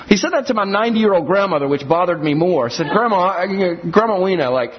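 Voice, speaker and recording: A man preaching a sermon in an animated way, acting out scenes from scripture and everyday life. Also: high voice, normal speed, a little hiss or hum. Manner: animated, acts out scenes in character voices. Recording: dull lo-fi audio.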